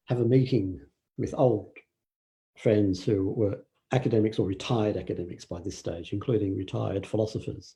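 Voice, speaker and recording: An older man giving a relaxed dharma talk, telling stories with fillers and acted quotes. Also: lowish voice, gravelly. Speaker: meditation teacher.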